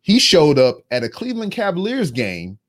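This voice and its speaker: Animated, foul-mouthed man telling a story. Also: fairly high pitch, normal speed. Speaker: podcast co-host. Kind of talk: casual chat.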